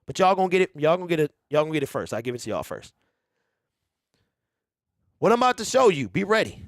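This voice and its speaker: Animated Detroit man hosting a fan stream. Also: a little high, fast, no echo, studio quality. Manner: animated, hypes up viewers, keeps checking in with "okay?". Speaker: sports show host. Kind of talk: casual fan commentary livestream.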